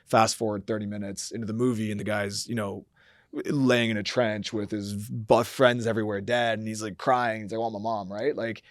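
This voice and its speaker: A company founder appears as a podcast guest, his voice fairly low and his tone level as he talks at a moderate pace. It's a reflective, conversational interview in which he muses at length, uses plenty of fillers, and acts out his own quoted thoughts. The sound is clean studio audio with no echo.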